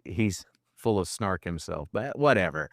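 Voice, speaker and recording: A man's voice: deep voice, animated, unhurried, no echo, clean studio sound. A man co-hosting a podcast, recapping a TV episode in wry, chatty talk. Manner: chatty, wry, repeats words when restarting. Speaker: podcast co-host. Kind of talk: casual TV episode discussion.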